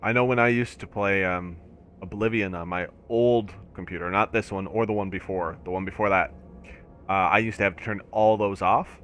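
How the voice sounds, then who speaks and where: A low-voiced man chatting easily with friends during an online game session. He laughs often and talks through what he sees on screen. Game music plays faintly behind him. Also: steady tone, normal speed, fairly bright tone. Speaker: streamer playing an online game. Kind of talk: casual gaming chat.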